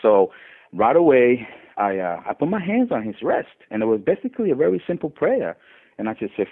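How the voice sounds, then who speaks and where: A man's voice: medium pitch, a little fast, husky. Man telling testimony over a phone line. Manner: animated retelling with many restarts, voice rising when quoting others. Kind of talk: casual testimony storytelling. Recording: tinny phone-line sound.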